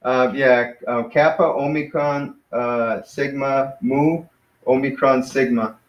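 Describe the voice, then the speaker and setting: A man teaching a casual one-on-one Greek lesson, encouraging and patient, spelling out words slowly. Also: mid-range voice, steady tone. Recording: roomy, dull lo-fi sound.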